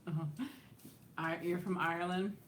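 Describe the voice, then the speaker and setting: A middle-aged woman hosting her own live stream, answering viewers' questions in a loose, rambling way and breaking into laughs. Her voice sits fairly low for a woman, and a faint hiss runs under it from a home webcam or phone mic. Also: flat delivery, normal speed. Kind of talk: casual live-stream chat.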